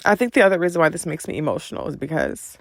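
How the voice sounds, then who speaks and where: A woman's voice: sits low, very animated, racing, no echo. A young woman hosting a podcast, chatting through a personal story, addressing her listeners directly and turning a little emotional. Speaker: podcast host.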